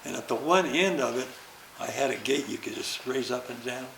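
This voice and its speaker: A man's voice: medium pitch, a little fast, gravelly, slight background noise. Older man spinning a stunt yarn. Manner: animated, acts out the action with sounds and laughter. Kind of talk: anecdotal storytelling. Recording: roomy recording.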